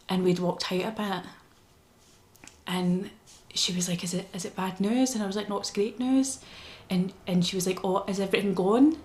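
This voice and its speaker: A woman's voice: mid-range voice, fairly even intonation, a little fast, reverberant. A woman with a Scottish accent giving a casual personal update to her vlog, telling her story in an earnest, emotional way. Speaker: vlogger.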